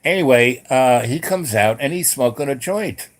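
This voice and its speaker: A man's voice: medium pitch, animated, normal speed. Rambling man telling a story. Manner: rambling, many fillers and restarts. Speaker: host. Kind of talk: casual storytelling.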